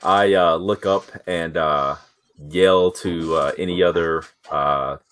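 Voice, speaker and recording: A man playing a tabletop role-playing game, describing his actions hesitantly and with many pauses. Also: low voice, fairly even intonation, fairly bright tone, dry recording. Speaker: player.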